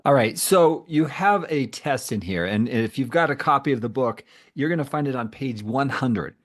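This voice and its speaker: A middle-aged man hosts a podcast, speaking at an ordinary pitch. He sets up his questions in a measured, thoughtful way. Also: lively intonation. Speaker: podcast host and therapist. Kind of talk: podcast interview.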